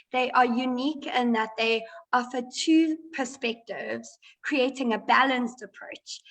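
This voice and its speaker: A woman hosting an online show, reading out a guest introduction in a measured manner. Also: a little high, rough recording. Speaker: host.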